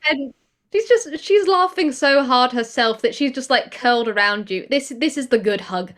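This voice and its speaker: A woman's voice: high-pitched, animated, moderate pace, fairly bright tone. A woman playing a tabletop game, narrating her character's actions in a playful, giggly way.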